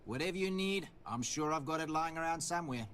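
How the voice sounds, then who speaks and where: A man's voice: a little high, lively intonation, quick pace, a bit bright, a little hiss or hum. A man voicing a friendly, principled shopkeeper in a video game, chatty and wry. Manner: chatty, wry and good-natured.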